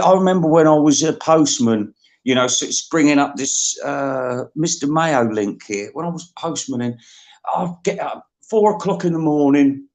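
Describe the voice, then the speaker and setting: A man's voice: a little high, a little mellow. A man hosting a comedy podcast, rambling through a theatrical, mock-emotional monologue.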